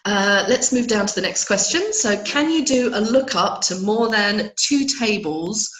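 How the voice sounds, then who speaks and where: Hoarse woman teaching a live webinar. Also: mid-range voice, animated, measured pace, a bit bright, roomy sound, slight background noise, poor audio. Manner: patient, checks in with listeners. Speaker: Excel trainer.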